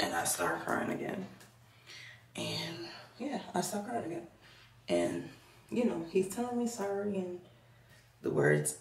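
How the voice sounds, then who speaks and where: A woman's voice: fairly low pitch, very animated, measured pace, creaky, long pauses, a bit bright, a little hiss or hum. A young woman with a Jamaican accent telling a personal story to her viewers in casual vlog chat, acting out the voices she quotes. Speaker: vlogger. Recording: echoey room.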